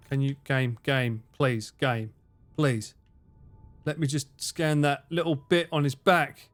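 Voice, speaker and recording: A man's voice: medium pitch, fairly even intonation, slow, pauses often. A man in his forties with an Essex accent, streaming a game live and chatting, swearing and laughing as he plays. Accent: Essex English. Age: 40s. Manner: swearing, joking, laughing often. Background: game music.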